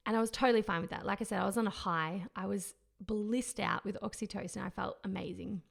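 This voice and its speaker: A woman's voice: mid-range voice, steady tone, moderate pace, vocal fry. A woman hosting a podcast, telling a personal story in an emotional, reflective way and often searching for words. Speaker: podcast host.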